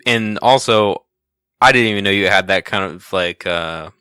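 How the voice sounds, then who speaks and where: A man's voice: fairly low pitch, normal speed, bright, forceful tone, clear, resonant tone, no echo. A man hosting a podcast in casual chat, teasing his co-host in an easygoing way.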